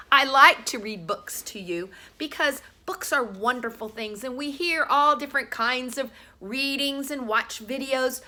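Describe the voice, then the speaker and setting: A woman teaching preschoolers a phonics lesson from home, talking to the camera, sounding out letters slowly and with emphasis. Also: on the high side, bright, forceful tone. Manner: slow, sing-song, sounds out letters with emphasis. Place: home room.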